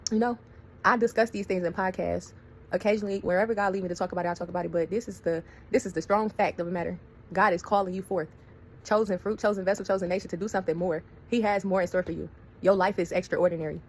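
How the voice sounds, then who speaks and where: A woman telling a story to her viewers in a casual, animated way, acting out quoted voices. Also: lowish voice, fast talker, slight background noise. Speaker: storyteller vlogger.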